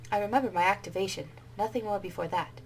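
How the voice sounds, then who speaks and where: A woman voicing a calm, formal male robot servant who speaks politely and deferentially. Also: mid-range voice, fast, a little hiss or hum, close to an everyday voice, rough recording. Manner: polite, formal, says "mistress". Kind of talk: game dialogue read-aloud.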